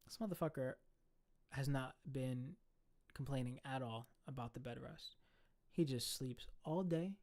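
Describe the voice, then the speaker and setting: A young man casually telling a story, animated and profane, full of slang. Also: mid-range voice, a little slow.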